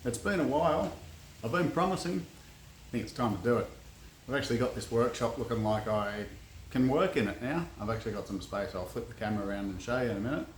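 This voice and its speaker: A man's voice: medium pitch, quick pace, slight background noise. An Australian man in a home workshop shed, talking through his truck build in a laid-back, rambling, self-deprecating way. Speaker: custom car builder. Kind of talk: casual workshop vlog.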